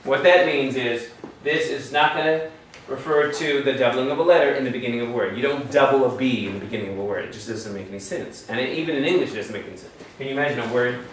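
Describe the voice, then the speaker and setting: A man's voice: mid-range voice, fast talker, slight background noise. A man teaching a Hebrew grammar class, explaining rules step by step and quizzing his students. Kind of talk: classroom lesson. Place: class room. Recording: very echoey room, far from mic.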